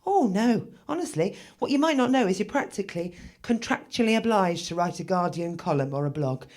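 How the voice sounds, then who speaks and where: A woman, performing a stand-up set in a wry, dark, self-mocking way with sudden loud bursts. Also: medium pitch, animated, fairly quick. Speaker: stand-up comedian.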